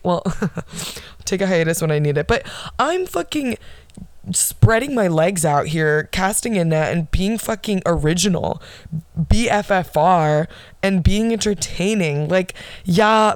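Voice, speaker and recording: A woman's voice: fairly low pitch, lively intonation, measured pace, no room sound. A young woman hosting her own solo podcast, ranting bluntly and sarcastically with lots of swearing. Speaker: podcast host.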